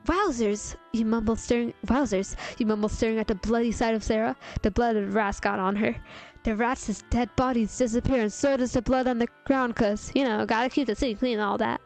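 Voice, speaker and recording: A woman's voice: on the high side, fairly even intonation, fairly quick, darkish tone. Playful young woman reading fanfic aloud. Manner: playful, giggly, breaks off to comment. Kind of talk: casual dramatic reading of fanfiction. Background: faint music.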